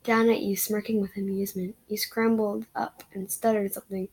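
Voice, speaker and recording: A woman's voice: mid-range voice, flat delivery, brisk, a little mellow, breathy edge, poor audio. A woman reading a romance fan story aloud in a casual way, sometimes stumbling over words. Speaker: reader of fan fiction.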